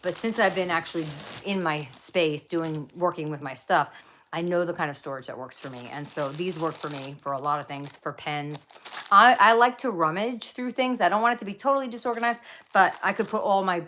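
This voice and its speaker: Middle-aged woman, low voice, chatty rambling home vlogger, faint background rustle. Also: moderate pace, pushed and bright, slight background noise. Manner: chatty, rambling, lots of fillers and side stories. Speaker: craft vlogger. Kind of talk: casual rambling haul vlog. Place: home craft room.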